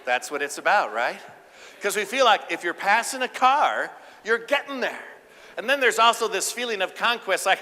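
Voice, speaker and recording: A man's voice: sits high, normal speed, big-room sound. A man giving a humorous keynote talk, acting out quoted lines in a raised, playful voice. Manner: animated, acts out quotes with a raised voice. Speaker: keynote speaker.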